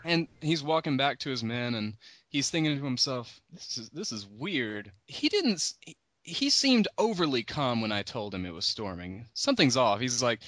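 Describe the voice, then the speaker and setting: A man hosting a podcast, casually retelling a book's story and acting out the characters' lines with a raised pitch. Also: huge pitch swings, normal speed, a bit bright, dry recording. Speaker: podcast host.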